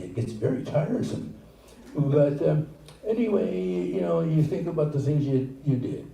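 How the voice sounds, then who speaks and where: An older man performing a stand-up comedy set in a small venue, with a rambling, halting delivery full of asides. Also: fairly high pitch, gravelly. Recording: echoey room, distant mic, loud ambience. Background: audience laughter.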